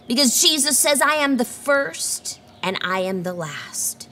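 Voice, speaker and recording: A woman's voice: high voice, expressive, a little slow, sharp tone. A woman pastor giving an earnest sermon and reading scripture aloud. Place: church.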